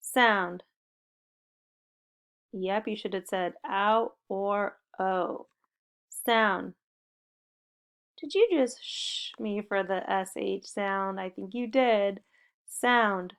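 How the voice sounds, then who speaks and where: A woman's voice: medium pitch, very slow, vocal fry, pauses often, a bit bright, smooth. A woman teaching a spelling lesson to young children, giving upbeat and encouraging step-by-step instructions. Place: home recording.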